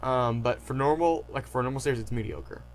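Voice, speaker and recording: A man casually recapping an anime arc as a reviewer, rambling with lots of "like" and "um" and gushing with fan excitement. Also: mid-range voice, brisk, slight background noise. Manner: rambling, heavy on fillers and "like". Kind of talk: casual retrospective chat.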